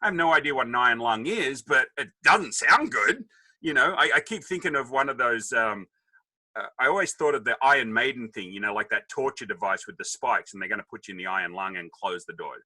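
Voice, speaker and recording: An Australian man telling humorous stories from his life as a podcast guest, cracking quick jokes. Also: mid-range voice, no echo. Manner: joking, wisecracking, animated anecdotes. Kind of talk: humorous storytelling interview.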